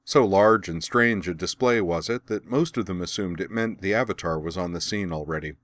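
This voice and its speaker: A man narrating an audiobook of fan fiction in a steady, even storytelling manner. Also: deep voice, normal speed, no echo.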